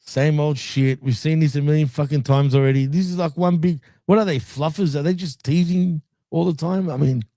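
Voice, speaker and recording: An Australian man with a mellow, somewhat higher voice talks through a wrestling show in an easygoing way, laughing often and swearing casually. The sound is dry and close. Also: fairly quick, few pauses, no room sound. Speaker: co-host. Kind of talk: casual wrestling review chat.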